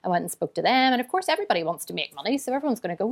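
A woman's voice: mid-range voice, sing-song, very fast. A woman founder telling her story in a casual interview, chatty and open, often quoting her own thoughts. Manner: chatty and open, tells stories through quoted inner thoughts; self-described emotional. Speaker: business founder and guest.

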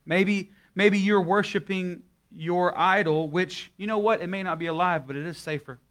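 Here a guest pastor, a young adult man, addresses his congregation during a live church service. His high voice is fairly bright and moves at normal speed as he shares a story in homey, casual terms before praying.

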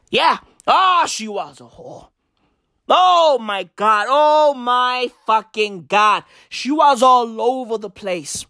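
Man, stand-up comedian, slangy, profane, animated, slow, dry sound. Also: sits high, no echo. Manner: loud, profane, slangy, repeats lines, frequent shouting. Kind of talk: stand-up storytelling.

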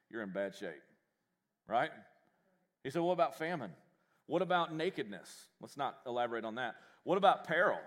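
A man preaching a sermon in a church, folksy and joking, with animated delivery. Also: mid-range voice. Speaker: pastor.

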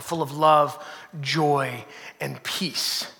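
A man preaching a sermon, swinging from loud emphasis down to hushed, near-whispered passages. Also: a little high, expressive, slow pace, vocal fry, long reverb tail. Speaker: pastor.

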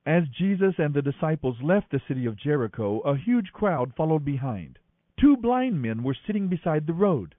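A man reading scripture aloud in an expressive, animated way. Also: a little high, normal speed, dry recording. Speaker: scripture reader. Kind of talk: scripted narration. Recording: dry, thin phone-like audio.

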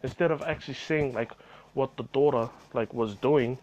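A man's voice: mid-range voice, normal speed, a little mellow, muffled recording. A man telling a rambling story about his retail job in a casual vlog, full of fillers and swearing.

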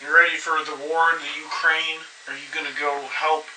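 A man co-hosting a podcast in casual chat, teasing his guest and laughing through quick jokes. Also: fairly high pitch, little pitch movement, bright, forceful tone, echoey room, distant mic, slight background noise, low-quality recording. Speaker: podcast co-host.

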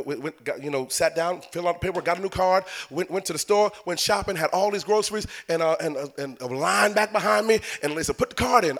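A man preaching a sermon as bishop, telling a funny personal story to his congregation with asides and laughs, then building into shouted, fervent preaching. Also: high-pitched. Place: church before a congregation.

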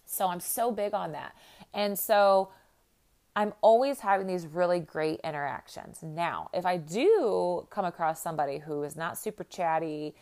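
A woman's voice: lowish voice, moderate pace, a little mellow. A middle-aged woman from the American Midwest, hosting and talking casually to her listeners as a life coach, in a chatty, upbeat way full of "like" and "you know.". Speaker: podcast host and life coach.

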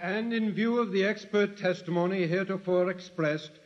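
An actor playing a stern, formal judge pronouncing sentence in an old radio drama. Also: male voice, high voice, moderate pace, over loud music, close to an everyday voice. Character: stern male trial judge. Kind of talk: 1950s radio drama acting. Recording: dull recording with long reverb.

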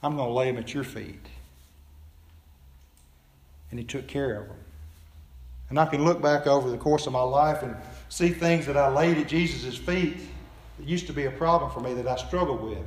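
A man preaching a sermon in earnest tones, often dropping soft and low at the ends of phrases. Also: normal speed, roomy sound. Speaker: pastor.

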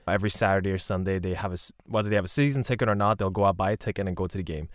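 A man's voice: deep voice, fairly even intonation, racing, no room sound, clean studio sound. A man from Canada giving a rambling, conversational monologue with frequent asides and restarts. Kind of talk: casual monologue.

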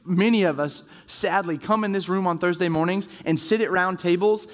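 High-voiced man preaching in a reverberant hall. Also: moderate pace. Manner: conversational preaching, acts out quoted inner voices. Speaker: speaker at a men's group. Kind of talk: sermon. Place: large room with round tables.

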